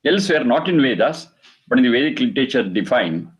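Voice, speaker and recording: A man giving a religious lecture, reciting verses and explaining them slowly. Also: mid-range voice, sing-song, poor audio. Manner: slow, repeats Sanskrit phrases and explains them. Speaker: Vedic teacher.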